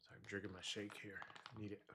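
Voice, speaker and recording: A man with a lowish, pushed, bright voice talks fast in a completely flat delivery, with a little hiss or hum in the background. Streaming live as a futures trader, he trades and rambles casually about trading psychology, using many fillers.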